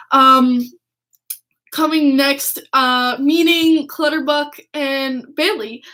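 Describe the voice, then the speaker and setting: An excitable woman hosts a casual podcast, with a notably high voice. She gushes as she tells her story, laughs often and swears freely. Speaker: podcast host.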